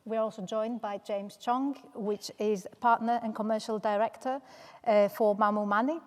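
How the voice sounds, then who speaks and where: A woman from Manchester moderating a panel discussion, speaking in a measured way with frequent "uh" fillers. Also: medium pitch, fairly even intonation. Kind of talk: panel introduction. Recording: long hall reverb.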